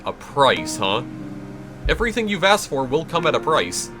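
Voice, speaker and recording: A man's voice: on the high side, sing-song, normal speed. A man reading the lines of a determined banished young witch in his own plain voice, with game music behind.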